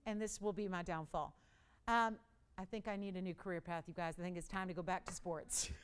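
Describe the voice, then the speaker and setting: A woman's voice: fairly low pitch, fairly even intonation, a little fast, smooth. A woman hosting a live television jewelry auction, chatty and self-mocking, with dramatic pleas for bids and frequent laughs. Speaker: live shopping host.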